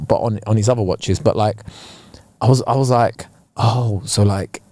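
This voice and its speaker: A young man, co-hosting a casual podcast and telling animated stories, putting on voices for the people he quotes. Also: lowish voice, normal speed, no room sound. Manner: animated storyteller, slips into impressions. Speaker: podcast co-host. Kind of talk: casual chat.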